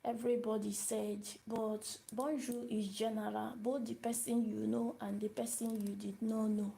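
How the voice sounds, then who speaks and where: Woman, beginner teacher, live stream, slow and repetitive, asks the viewers questions, raspy fry, slightly high voice. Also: dark tone, rough recording. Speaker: language teacher.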